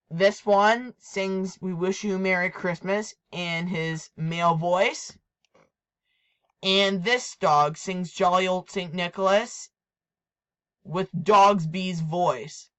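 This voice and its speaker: A woman's voice: fairly low pitch, a bit bright, clean tone. A woman presenting her toy collection in a casual show-and-tell, repeating herself and restarting her sentences often. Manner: repetitive, hesitant, restarts often.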